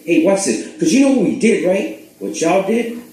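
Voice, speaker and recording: A man hosting his own spiritual channel, rambling in a profane, casual monologue that swings between loud bursts and hushed asides. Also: sits high, big pitch swings, normal speed. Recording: very echoey room.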